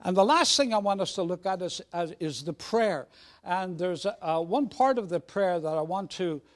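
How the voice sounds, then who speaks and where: A man's voice: high-pitched, expressive, normal speed. A man preaching a sermon in a jovial, conversational way with frequent restarts. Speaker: guest preacher.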